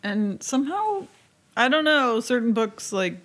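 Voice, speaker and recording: A middle-aged woman co-hosting a podcast, dry and unhurried in casual chat. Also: on the high side, sing-song, a bit bright. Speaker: podcast co-host.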